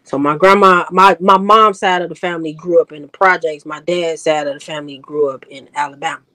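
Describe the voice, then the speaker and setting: A woman's voice: sits low, steady tone, a little fast, pushed and bright, no room sound. Chatty Chicago woman telling stories. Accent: Chicago, with a slight Southern lilt. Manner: chatty and storytelling. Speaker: guest on a live stream. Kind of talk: casual chat.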